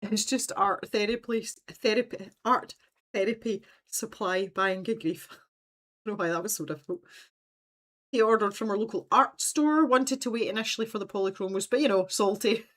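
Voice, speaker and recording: A woman's voice: medium pitch, normal speed, fairly bright tone. Scottish woman, art stream host, meandering casual chat with frequent laughs. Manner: chatty and meandering, laughs often.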